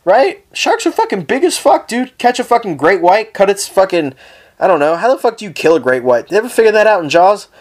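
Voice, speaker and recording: A man's voice: high-pitched, very animated, a little fast. A young man hosting a casual solo podcast, rambling through stories with heavy swearing and frequent laughter. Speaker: podcast host.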